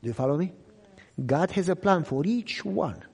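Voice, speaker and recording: Impassioned preacher, husky, echoing hall. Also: male voice, expressive, moderate pace. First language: not English. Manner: dramatic, swinging from loud cries to hushed low lines. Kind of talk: emotional sermon testimony. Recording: echoey hall reverb.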